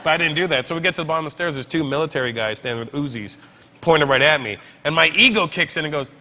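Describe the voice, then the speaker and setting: A man's voice: fairly high pitch, rapid-fire, a little hiss or hum. A male comedian telling a funny story as a guest on a talk show, acting out the people in it. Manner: animated storytelling, voices the people he quotes. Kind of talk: comic anecdote on a talk show.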